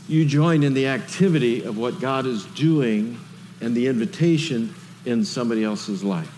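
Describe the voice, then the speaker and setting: A man preaching a sermon in a lively, conversational way, full of rhetorical questions. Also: medium pitch, normal speed, in a large hall, a little hiss or hum. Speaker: pastor.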